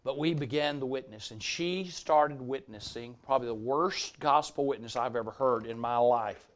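An older Southern man preaches a sermon full of animated storytelling, acting out the people he quotes. He has a mid-range voice and speaks at a moderate pace.

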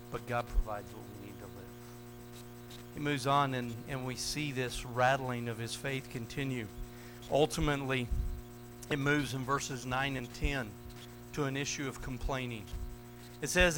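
A man preaching a sermon, swinging from loud, raised retellings of scripture to low, quiet asides, with an American accent. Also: a little slow. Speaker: pastor. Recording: mains hum behind the voice.

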